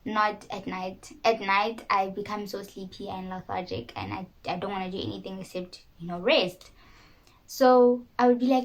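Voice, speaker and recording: A woman's voice: mid-range voice, moderate pace, low-quality recording. Young south african woman chatting to the camera, candid and a bit self-mocking. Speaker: YouTuber. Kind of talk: casual talk to camera.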